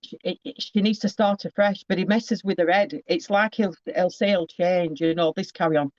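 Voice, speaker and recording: A man's voice: sits high, steady tone, normal speed, dry recording, highs cut off. A man giving a casual psychic reading over a video call, rambling and often breaking off with asides.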